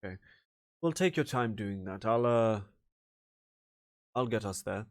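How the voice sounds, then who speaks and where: A calm male wood elf druid speaks quietly and reassuringly. A man plays him in a low, relaxed tone. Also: measured pace.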